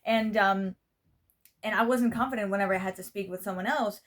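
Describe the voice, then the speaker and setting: A woman's voice: medium pitch, fairly quick, a bit bright. A young woman from Spain, a native Spanish speaker, speaks English with an American-style accent. Her vlog talk to the camera is casual and meandering. She keeps looping back to "you know what I mean" and swears without a second thought. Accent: American-style English pronunciation. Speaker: vlogger.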